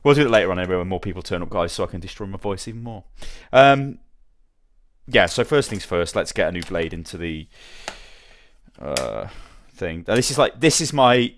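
A young man talks to his stream in a loose, rambling way, greeting viewers one by one. His voice sits a little low. It is casual hobby chat, never scripted. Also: sing-song, fairly quick, slight background noise. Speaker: streamer building models.

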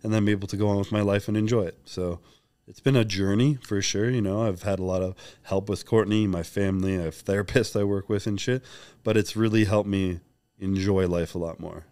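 A young man speaking candidly as a podcast guest, reflective and open, sometimes reenacting conversations in quick bursts. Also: on the low side, steady tone, darkish tone.

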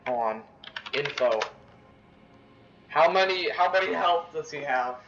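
A young man giving excitable, profane let's-play commentary, yelling at the game. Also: a little high, a little slow, dull audio, background noise. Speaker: gamer.

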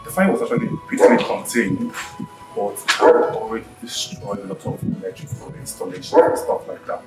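A man's voice: fairly low pitch, big pitch swings, a little fast, loud music behind the voice. An actor playing a man who plainly explains a problem with a place. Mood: explaining. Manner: explaining, matter-of-fact. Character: matter-of-fact man describing a venue. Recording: echoey room.

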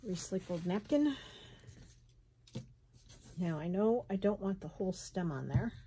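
A middle-aged woman with a slight Southern US lilt, chatting and thinking aloud as she works on a craft journal in her sunroom, with soft laughs. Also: mid-range voice, lively intonation, a little slow, a little hiss or hum. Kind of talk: casual craft tutorial chat. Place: home sunroom, indoors.

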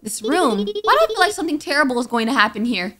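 A woman narrating her way through a horror game, chatty and animated as she reads the dialogue aloud. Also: high-pitched, quick pace, noisy background. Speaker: gaming YouTuber. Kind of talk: let's play commentary. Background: game music.

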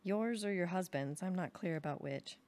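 A woman's voice: fairly low pitch, normal speed, darkish tone, lightly acted. A woman voicing a blunt, cheerful old man of 111 with an old-country accent, speaking in a matter-of-fact way. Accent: put-on old-country accent.

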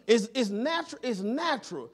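A man's voice: very high voice, big pitch swings, moderate pace, breathy edge. A man preaching a sermon as pastor in a church, constantly checking in with the congregation and repeating his phrases.

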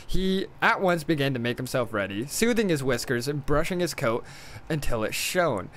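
A man's voice: medium pitch, very animated, normal speed, fairly bright tone, slight background noise. A male streamer reading a storybook aloud during a game stream, stumbling over words and adding irreverent asides.

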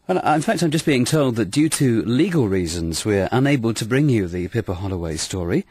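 A man delivering a mock on-air apology announcement in a smooth, polished announcer manner. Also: mid-range voice, lively intonation, moderate pace, a little mellow, no echo. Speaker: continuity announcer.

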